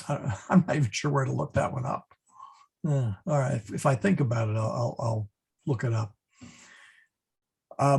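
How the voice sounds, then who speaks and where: A man teaching a Latin class, talking in a halting way with many fillers and restarts and chuckling at his own jokes. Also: mid-range voice, a little mellow, husky. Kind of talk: online class lecture.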